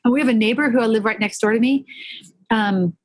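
A woman guest telling earnest faith stories in a podcast conversation, animated and full of restarts. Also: on the high side, brisk, no echo. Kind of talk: faith-based conversational storytelling.

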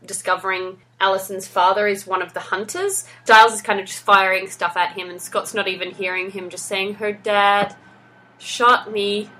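A woman's voice: mid-range voice, little pitch movement, brisk, few pauses, pushed and bright. A woman hosting a podcast, enthusiastically recapping a TV episode in casual chat. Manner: enthusiastic, recounts scenes and quotes. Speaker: podcast host.

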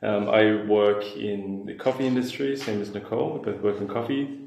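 A man's voice: lowish voice, steady tone, moderate pace, gravelly, a little mellow, echoey room, a little hiss or hum, rough recording. An Australian man with an Australian accent, a podcast guest chatting casually with dry, self-deprecating jokes. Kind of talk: casual chat.

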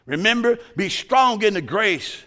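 Lively high-pitched preaching man. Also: a little slow. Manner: preaching with rising shouts and sung cadences. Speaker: pastor. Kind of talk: sermon.

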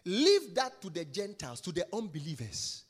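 A man preaching a sermon with emphatic repetition, swinging from loud shouts down to hushed whispers. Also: high voice, wildly swooping pitch, moderate pace, husky, in a large hall.

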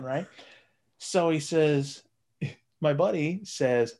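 A man's voice: mid-range voice, a little slow, long pauses, a little mellow. A man casually telling a long, profane story, jumping into raised voices when he quotes his friends. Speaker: guest storyteller.

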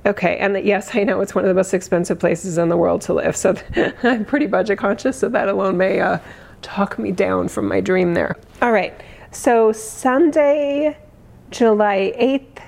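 A woman in her forties, hoarse today, chatting effusively on a livestream, laughing often as she reads comments. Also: mid-range voice, moderate pace, darkish tone. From United States. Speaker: livestream host. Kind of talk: casual livestream chat reading comments.

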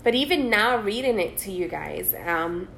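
A woman's voice: mid-range voice, expressive, normal speed, vocal fry, a bit bright, a little hiss or hum. A woman co-hosting a casual faith podcast, talking earnestly and reading Bible verses aloud with emotion. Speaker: podcast co-host. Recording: echoey room.

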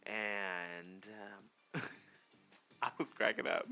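A man hosting a casual podcast, recapping a reality show in an animated, slangy way and acting out his own reactions. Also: on the low side, vocal fry, clean tone. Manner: animated, laughing, acts out reactions in quotes; slangy, drawn-out storytelling. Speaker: podcast host.

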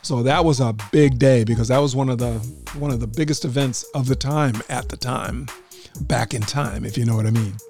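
A man's voice: medium pitch, a little fast, creaky, hardly any pauses, a little mellow. A man hosting a radio show as the DJ, rambling and joking in a casual, chatty way from a studio. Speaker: radio DJ host. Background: music playing.

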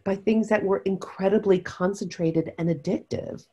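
A middle-aged woman from upstate New York, chatting casually as a podcast co-host, emphatic and opinionated with sudden loud stresses and low asides. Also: steady tone, moderate pace, breathy edge. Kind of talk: casual chat.

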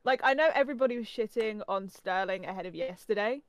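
A young Englishwoman with a softened Norfolk accent co-hosts a casual podcast, rambling and laughing between thoughts. Her speech is full of fillers like "like". The sound is dry and close, with no room around her. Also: medium pitch, no echo. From England. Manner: chatty, lots of "like", quick to laugh. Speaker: podcast co-host.

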